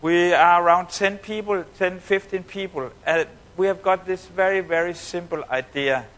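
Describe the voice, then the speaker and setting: A man's voice: high voice, a bit bright, low-quality recording. A man quoting a bold young woman, teasing. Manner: teasing, drawn-out pauses. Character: bold young woman of twenty-three pitching an idea.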